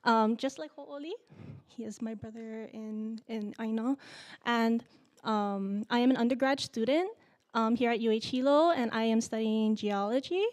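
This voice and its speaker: A young woman from Hawaii, giving a nervous, halting student presentation full of fillers. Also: on the high side, a little mellow. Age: young adult. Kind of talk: symposium presentation.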